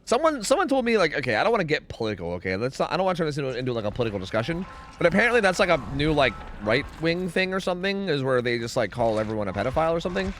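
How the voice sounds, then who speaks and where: Animated young American man streaming. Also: a little high, rapid-fire, a little hiss or hum. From United States. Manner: rambling, animated, swears casually, hums to himself. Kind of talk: casual gaming livestream chat.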